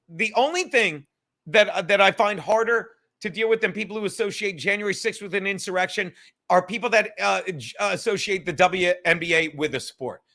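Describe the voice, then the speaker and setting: Guy ranting on his podcast, high bright voice, swears nonstop, heated. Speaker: podcast host. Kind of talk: profane ranting monologue reading chat comments.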